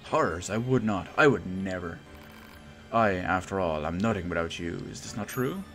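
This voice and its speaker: A man voicing a swaggering robot inventor in a video game, all grand theatrical boasts and old-fashioned flourishes, forever angling for funds. The voice sits fairly low and is delivered with pompous self-importance. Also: normal speed, fairly bright tone, faint music behind. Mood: grandiose.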